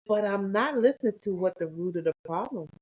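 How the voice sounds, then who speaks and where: A woman co-hosting a couples podcast, chatting casually and acting out past conversations with lively swings in her voice. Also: a little fast, slightly rough. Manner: animated, acts out quoted dialogue with big pitch jumps. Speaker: podcast co-host.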